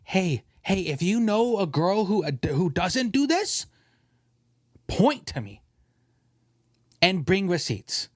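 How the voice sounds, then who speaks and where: A man's voice: sits high, big pitch swings, slow pace, long pauses, dry recording, studio quality. A man hosting a casual podcast, ranting and joking with his co-host, often mimicking other people's voices.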